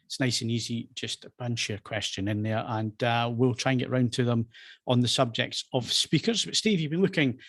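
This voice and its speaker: A man's voice: medium pitch, moderate pace, no room sound. A man hosting a podcast, easygoing and keeping the show moving along. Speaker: podcast host.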